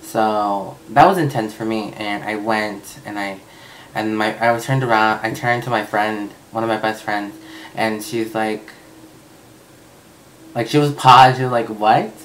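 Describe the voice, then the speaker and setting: A man's voice: fairly low pitch, steady tone, unhurried, fairly bright tone, a little hiss or hum, rough recording. A young man vlogging, telling a personal story in a casual, chatty way with lots of fillers and swearing.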